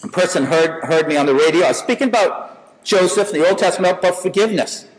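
A man's voice: sits high, quick pace, in a large hall, low-quality recording. A man preaching a sermon in a conversational way, telling stories and asking rhetorical questions.

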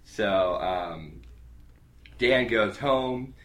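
A young man with a deep, low voice talks loosely through a story recap. He piles on fillers and restarts and drops into quick impressions of characters. Casual chat with friends. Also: expressive, fairly bright tone. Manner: rambling, filler-heavy, acts out characters' lines.

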